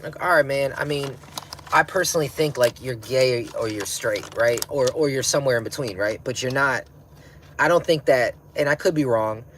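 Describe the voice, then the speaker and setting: A man's voice: mid-range voice, normal speed, fairly bright tone, slight background noise. A man hosting a livestream while stoned, rambling in a slangy way and laughing often as he chats and reads comments. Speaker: livestream host. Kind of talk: casual livestream chat, reading comments.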